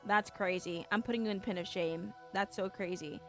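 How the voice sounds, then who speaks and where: A woman's voice: mid-range voice, moderate pace, hardly any pauses, soft background music. A woman streaming live who chats with her viewers in a playful, teasing, giggly way. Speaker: vtuber streamer. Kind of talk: casual live-stream chat.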